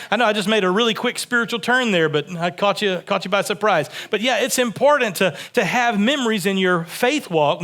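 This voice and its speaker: Texas guy preaching, kinda high voice, chatty sermon, repeats himself a lot. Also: a bit bright. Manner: conversational, repeats words while building a point. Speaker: pastor. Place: church sanctuary.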